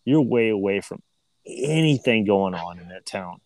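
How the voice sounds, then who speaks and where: A man in his twenties co-hosting a podcast, talking in a relaxed, halting way with many restarts. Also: lowish voice, dry recording. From Midwestern United States. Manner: relaxed, halting, repeats words. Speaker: podcast co-host. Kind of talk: casual chat. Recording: dry close sound.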